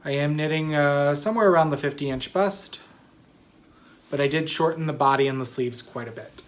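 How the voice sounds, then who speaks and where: A woman's voice: sits low, moderate pace. A woman hosting a knitting video podcast in a casual, rambling way, sleepy and yawning, often apologizing. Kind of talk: casual chat.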